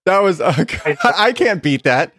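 A man's voice: on the high side, animated, measured pace, fairly bright tone, slightly rough, no room sound, clean studio sound. A man hosting a podcast from his bedroom, chatting casually, laughing often and swearing freely with lots of restarts. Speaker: podcast host. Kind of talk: casual chat. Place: home bedroom.

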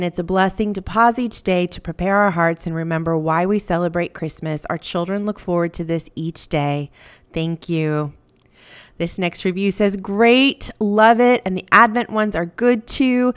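A woman hosting a podcast, reading listener reviews aloud in a gentle, grateful, upbeat way. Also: medium pitch, clean tone. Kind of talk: warm scripted read-aloud of listener reviews.

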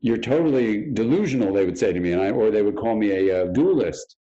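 A man's voice: low voice, fast talker. A man, a therapist, talking as an interview guest in a conversational, storytelling way and acting out past conversations. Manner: animated storyteller who acts out past conversations in quotes. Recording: dull, lo-fi audio.

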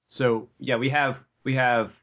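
Cohost guy, average pitch, keeps restarting sentences, kinda wry. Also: level tone, fairly bright tone. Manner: halting, many fillers and restarts, wry. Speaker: podcast co-host. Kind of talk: casual chat.

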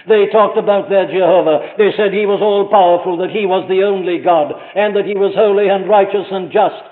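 A man preaching a sermon, asking his listeners question after question and slowing down to stress key phrases. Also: sits high, long reverb tail. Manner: emphatic, asks the listener rhetorical questions; slows down and rises for stressed phrases. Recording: thin, phone-like old archive recording.

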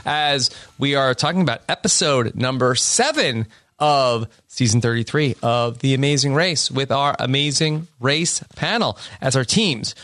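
A man's voice: medium pitch, unhurried, a bit bright, dry recording, studio quality. A man hosting a casual podcast from his apartment, upbeat and bantering. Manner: upbeat, bantering, uses fillers. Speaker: podcast host. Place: home apartment.

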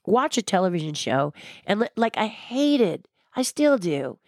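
A woman giving an interview, telling inspirational stories in an animated way and repeating words for emphasis. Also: medium pitch, a little slow, no room sound, clean studio sound. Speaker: interview guest. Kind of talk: animated motivational storytelling.

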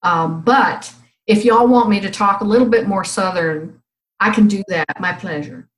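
A woman's voice: mid-range voice, normal speed, echoey room, a little hiss or hum, rough recording. A woman in her sixties from California, co-hosting a podcast, who laughs easily and reflects as she talks. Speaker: co-host. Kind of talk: casual chat.

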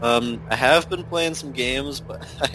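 Slow, halting man with a bright voice. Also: mid-range voice, slight background noise, poor audio. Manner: slow, halting, laughs often. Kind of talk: casual chat.

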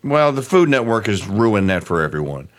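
A man co-hosting a casual radio chat, rambling and halting with many fillers. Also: lowish voice, big pitch swings. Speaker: radio show co-host. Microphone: earbud headset.

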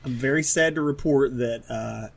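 This is a man with a light Southern accent and a husky, slightly rough voice. He co-hosts a casual podcast, ranting in an animated way, and swears freely. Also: medium pitch, normal speed. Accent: light Southern American. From American South. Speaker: podcast co-host. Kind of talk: casual comic book podcast chat. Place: Pittsburgh, from home.

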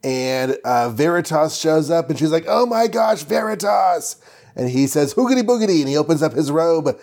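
A man's voice: medium pitch, a little mellow. A man chatting casually on a podcast, walking through a comic book story. He keeps it jokey and breezy and slips into goofy voices for a moment. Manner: jokey, does quick silly voices for characters. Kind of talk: casual chat, retelling a comic plot.

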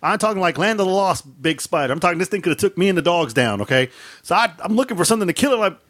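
A man telling a story in a casual podcast chat, animated and laughing often as he acts out the scenes. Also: high-pitched, racing. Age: adult with a wife and dogs. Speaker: podcast co-host.

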